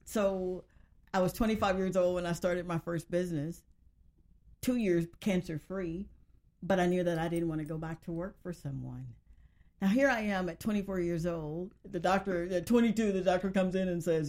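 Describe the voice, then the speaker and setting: A woman in her thirties from Mississippi, telling her story in a lively, casual talk-show chat with frequent laughter. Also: lowish voice, normal speed. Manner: animated storyteller, laughs often.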